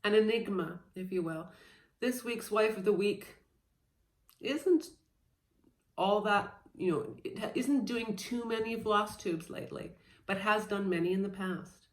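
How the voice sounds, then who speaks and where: A woman's voice: medium pitch, measured pace. A woman in her thirties chatting casually and playfully as she shows off her cross-stitch haul, a bit scattered with lots of fillers. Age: 30s. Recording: echoey room.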